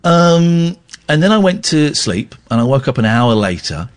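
A man's voice: fairly high pitch, very animated, normal speed. A middle-aged man, hosting a radio phone-in and telling a candid, rambling, self-deprecating story, with stammered restarts. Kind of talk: candid talk-radio monologue.

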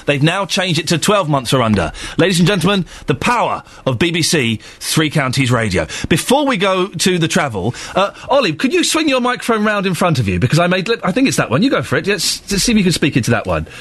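Male radio host, teasing and playful, lively up-and-down voice, studio mic. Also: sits high, fast talker, hardly any pauses, husky, dry recording. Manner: jokey, teasing, laughs often. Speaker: radio presenter. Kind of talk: breakfast radio chat. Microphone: studio microphone with headphones.

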